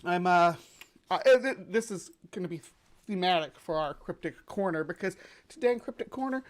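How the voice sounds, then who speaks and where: A woman hosting a live stream in a bubbly, rambling, chatty way, her voice slightly hoarse from sinus drainage. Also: lowish voice, lively intonation, normal speed. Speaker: livestream host. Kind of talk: casual live-stream chat. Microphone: webcam setup.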